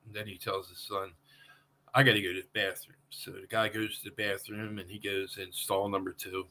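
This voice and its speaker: A man hosting a podcast, asking questions and telling his own story in a relaxed, conversational way. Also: on the low side. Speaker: podcast host. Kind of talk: casual podcast chat.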